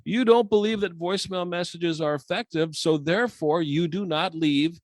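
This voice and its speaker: Animated male sales coach, dry mic. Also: moderate pace, no room sound. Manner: animated, acts out quoted dialogue with sharp pitch jumps. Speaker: sales coach and podcast co-host. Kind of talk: casual podcast conversation.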